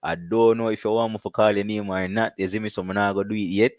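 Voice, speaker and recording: A Jamaican man hosting a casual live stream, chatting loosely and giving shout-outs to viewers. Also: on the low side, steady tone, quick pace, dry recording.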